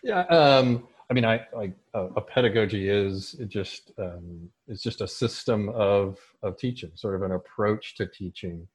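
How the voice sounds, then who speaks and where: Animated husky man talking about teaching. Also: lowish voice, a little slow, few pauses. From United States. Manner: animated, restarts often, acts out his own thoughts. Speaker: teacher and soccer coach. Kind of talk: casual interview answer.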